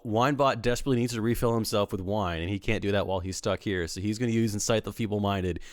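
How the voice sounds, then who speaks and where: Deadpan man playing a tabletop character. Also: lowish voice, quick pace, no echo. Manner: mock-grand, deadpan storytelling. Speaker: player. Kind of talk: narrating his character in a tabletop game.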